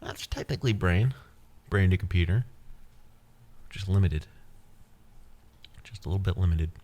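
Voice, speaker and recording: A man's voice: low-pitched, normal speed, a little mellow, slight background noise. A man hosting a podcast, rambling playfully and guiding the listener through an imagined scene. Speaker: podcast host. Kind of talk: casual podcast monologue.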